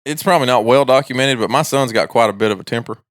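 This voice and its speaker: A man's voice: mid-range voice, fast talker, no echo, studio quality. Laid-back man telling family stories. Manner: storytelling, laughs at his own anecdotes. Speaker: podcast co-host. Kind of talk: casual chat.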